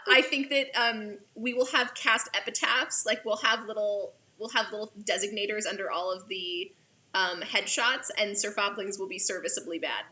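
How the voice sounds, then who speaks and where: A woman's voice: medium pitch, moderate pace, noisy background. A woman directing a play, chatting with an actor over a video call, gushing and laughing often, rambling with fillers. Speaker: assistant artistic director, director of the play.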